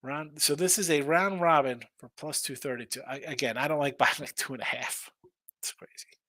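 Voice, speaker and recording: A man hosting a live betting show in a loose, rambling way, with plenty of restarts and repeated words as he reads viewers' messages aloud. His voice sits a little high for a man and sounds close and dry, with almost no room sound. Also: a little fast, pushed and bright, no room sound. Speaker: sports betting show host. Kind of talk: casual live-stream betting talk.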